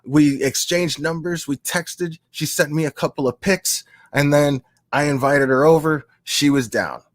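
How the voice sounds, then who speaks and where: Slow-talking man telling a crude story. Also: on the high side, dry recording, clean studio sound. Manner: laughs through the telling, crude and amused. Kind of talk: casual storytelling.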